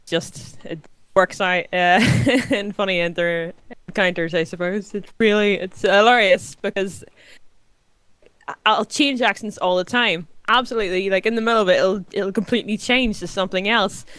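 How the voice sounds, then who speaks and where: Chatty woman with smooth clear voice. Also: mid-range voice, fairly even intonation, a bit bright, no room sound. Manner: chatty, halting, laughing. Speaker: streamer guest. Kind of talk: casual podcast interview chat.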